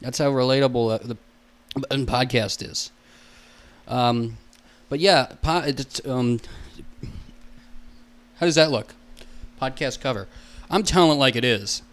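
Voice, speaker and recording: A man's voice: mid-range voice, measured pace, long pauses, a bit bright. A young man hosting a solo podcast alone in a room, goofy and self-mocking, rambling and swearing a lot.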